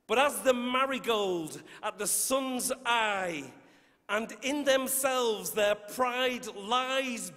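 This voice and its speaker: Bright-voiced Mancunian man reciting verse. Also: high voice. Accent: Manchester. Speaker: poet and reader. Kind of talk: poetry reading on stage. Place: large concert hall on stage. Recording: long reverb of a large hall.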